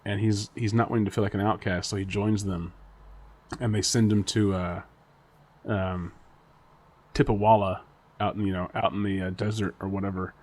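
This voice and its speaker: A man's voice: lowish voice, little pitch movement, moderate pace, pauses often, a little mellow. A man co-hosting a podcast in casual chat, rambling and speculating with frequent laughter. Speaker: podcast co-host.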